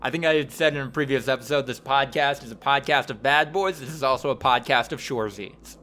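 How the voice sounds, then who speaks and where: Man, podcast host, from rural Wisconsin, bright voice, playful casual chat. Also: medium pitch, a little fast. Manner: playful, theatrical intros.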